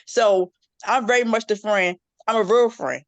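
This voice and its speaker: A middle-aged woman chatting casually in a group discussion, telling stories with lively quoted voices. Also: normal speed, no room sound. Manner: animated storytelling, jumps into high-pitched quoted voices. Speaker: panel guest. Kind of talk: casual chat.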